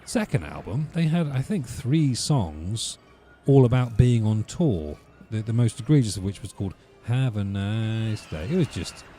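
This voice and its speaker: A man's voice: lowish voice, big pitch swings, unhurried, mellow, soft background music. A man hosting a let's play, rambling through wry, ranting commentary while he plays.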